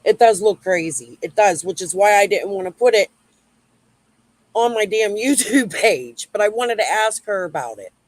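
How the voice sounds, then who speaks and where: A woman runs a YouTube livestream, replying to chat with a rambling, foul-mouthed rant. She talks at normal speed with a medium pitch and lively intonation, in echo-free but poor audio.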